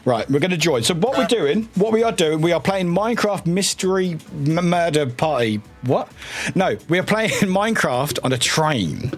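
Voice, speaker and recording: A man chatting casually on a live stream, excitable and often laughing and swearing. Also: on the high side, normal speed, soft background music.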